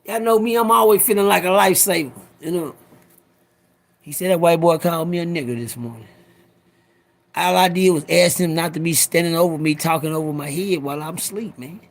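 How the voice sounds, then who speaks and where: A middle-aged man with a somewhat high, fry-tinged voice tells a rambling, profane story on a casual livestream, talking a little fast. He frequently breaks off to address his live viewers directly.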